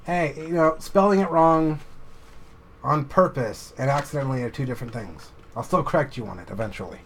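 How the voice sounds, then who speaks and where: A man streaming a video game, chatting and joking with viewers in a relaxed, self-mocking way. His voice has an ordinary middle pitch, with a faint hum of background noise behind him. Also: brisk, poor audio. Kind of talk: casual gameplay commentary.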